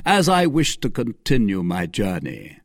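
A man's voice: fairly low pitch, huge pitch swings, a little slow, creaky, no room sound, studio quality, full character voice. A man reading aloud, voicing a stern, commanding male equerry of a cardinal in formal, official tones.

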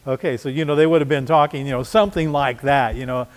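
A man's voice: mid-range voice, steady tone, quick pace, long reverb tail. A man preaching a sermon as pastor, conversational, with frequent restarts and repeated words. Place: church.

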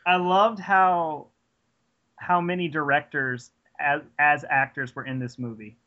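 Articulate higher-voiced man, lo-fi podcast. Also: steady tone, measured pace. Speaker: podcast co-host. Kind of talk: casual film discussion.

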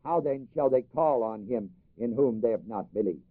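A mid-range male voice with lively intonation preaches at normal speed, with no room sound. Reading scripture in old King James wording, he explains it to the congregation, repeats phrases for emphasis, and has them complete his lines, all on a dry, phone-like recording.

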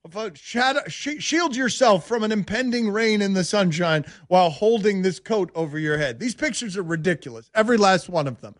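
High-pitched incredulous radio host man. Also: expressive, brisk, hardly any pauses, no echo, clean studio sound. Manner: whiny, incredulous, rising to high pitch when riled. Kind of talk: casual sports radio banter. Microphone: studio microphone.

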